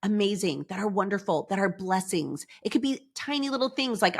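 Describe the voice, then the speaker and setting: A middle-aged woman hosting a podcast in an upbeat, motivational way, chatty and animated, often saying "like" and "y'all". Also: medium pitch, moderate pace. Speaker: podcast host.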